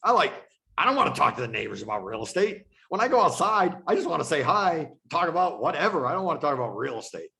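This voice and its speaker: A man's voice: fairly high pitch, very animated, fast, creaky, bright, forceful tone. A man who leads a real estate team, teaching agents on a video call in a casual way and repeating himself for emphasis. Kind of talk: online training presentation.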